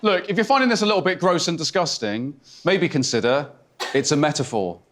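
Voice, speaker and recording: Here a man with a fairly high, expressive voice performs stand-up a little quickly, with slight hiss or hum in the audio. The theatre crowd roars with laughter as he shifts from halting, faux-intimate awkwardness into abrupt outbursts.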